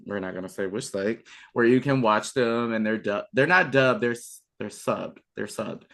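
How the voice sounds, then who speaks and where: A man's voice: fairly low pitch, normal speed, creaky, a bit bright. A young adult man chatting as a podcast guest, enthusiastic, with frequent fillers and restarts. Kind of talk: casual chat.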